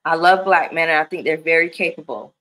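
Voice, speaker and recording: A woman's voice: low-pitched, a little fast, a bit bright. A woman in her thirties chatting casually and candidly as a commentary vlogger, emphatic and profane. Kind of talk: casual chat.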